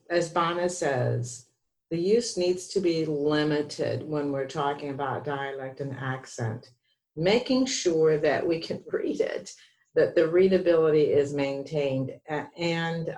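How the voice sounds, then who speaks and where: A woman's voice: low voice, darkish tone, roomy sound. A woman co-hosting a podcast, explaining writing rules in a conversational teaching manner. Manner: explanatory, gives rules of thumb. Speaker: podcast co-host.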